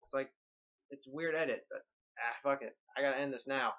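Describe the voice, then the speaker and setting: A man's voice: medium pitch, fairly quick, a bit bright, lo-fi sound. A man giving a casual movie review in a blunt, rambling, profane way.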